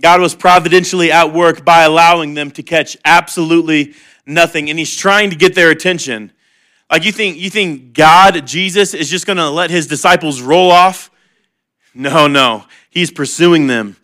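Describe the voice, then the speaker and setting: A man's voice: a little high, moderate pace, sharp tone. A man preaching a sermon in an earnest, conversational way, mixing humor with heartfelt appeal. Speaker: pastor.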